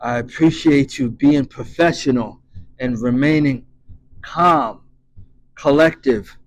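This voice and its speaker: A man voicing an anguished grown man searching for his lost daughter, in a slow, solemn monologue that drops into whispers. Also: medium pitch, lightly acted, rough recording. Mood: earnest. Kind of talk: dramatic monologue reading.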